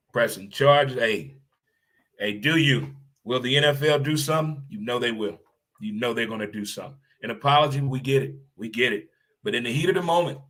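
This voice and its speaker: Emphatic man hosting a solo podcast rant. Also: mid-range voice. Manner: animated, emphatic, repeats phrases for effect; blunt, occasional swearing. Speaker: podcast host.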